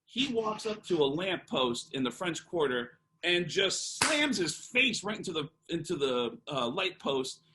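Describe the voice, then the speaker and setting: A man, a comedian guest, telling a long, animated anecdote with lots of fillers. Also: on the high side, measured pace, few pauses, a little hiss or hum, poor audio. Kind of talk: storytelling on a podcast.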